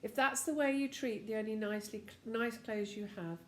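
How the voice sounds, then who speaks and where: A woman's voice: on the high side, normal speed, roomy sound, slight background noise, lightly acted. An older woman reading the part of a stern, worried father in a storybook.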